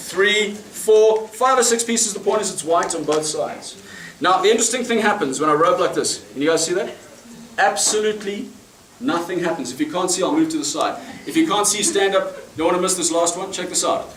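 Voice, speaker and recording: A man's voice: sits high, moderate pace, a bit bright, reverberant, a little hiss or hum. A man from South Africa with a South African accent, performing card magic in a restaurant and chatting to his audience with frequent laughs. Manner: chatty, laughing between lines, asks audience questions. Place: restaurant, indoors.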